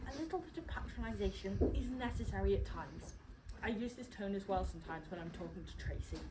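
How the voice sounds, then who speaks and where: Vlogging from her stable, a woman chats casually and fondly with her horses and viewers, teasing the animals in a mock-stern way. Her medium-pitched voice is animated and brisk, and the recording is very noisy.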